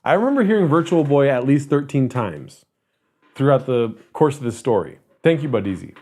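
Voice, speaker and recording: A man's voice: medium pitch, animated, normal speed, darkish tone. A man in his thirties, a streamer host, telling a story to his live chat in a rambling, profane way. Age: 30s. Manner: rambling, profane, self-interrupting.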